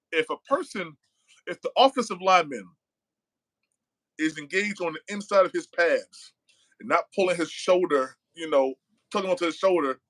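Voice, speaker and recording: In a slightly high, a bit bright voice, a man hosts a relaxed live-stream podcast, reading the chat aloud in loose, slangy talk peppered with "man." The recording is dry and low in quality.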